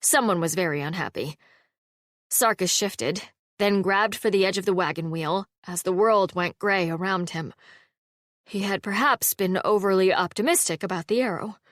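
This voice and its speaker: A woman's voice: mid-range voice, normal speed, a bit bright, dry recording, studio quality. Woman narrating a cozy fantasy audiobook. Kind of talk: scripted narration.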